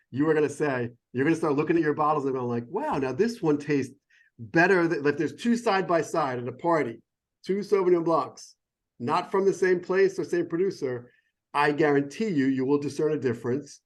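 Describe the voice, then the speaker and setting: A man's voice: a little high, a little fast. Chatty digressive middle-aged sommelier man. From United States. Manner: enthusiastic, digressive, self-interrupting. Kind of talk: casual explanatory chat. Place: phone or remote call.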